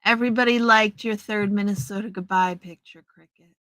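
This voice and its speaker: A woman's voice: medium pitch, fairly even intonation, a little fast, a bit bright, no echo, low-quality recording. A woman hosting a casual livestream, chatting with viewers and answering their messages by name. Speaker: livestream host. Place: home, in front of a green screen. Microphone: headset earpiece.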